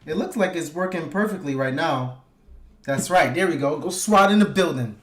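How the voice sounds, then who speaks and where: A man's voice: fairly high pitch, expressive, moderate pace, fairly bright tone. A man hosting a casual livestream, talking loosely and profanely with his viewers and hyping them up. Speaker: livestream host. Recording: echoey room.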